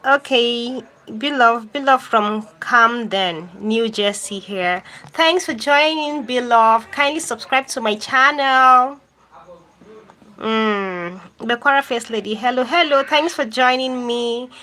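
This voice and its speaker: A woman's voice: on the high side, slow pace, sharp tone, poor audio. A woman hosting a live stream, reading viewer comments aloud and answering them directly, repeating phrases for emphasis. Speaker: YouTube host reading live chat.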